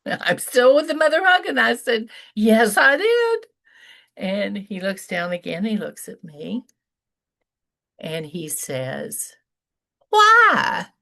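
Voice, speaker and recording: An older woman telling a personal story slowly and deliberately, pausing for effect and going high and loud when she quotes what was said. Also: animated, vocal fry. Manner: slow and deliberate with dramatic pauses; rises high and loud when quoting dialogue. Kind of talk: storytelling talk.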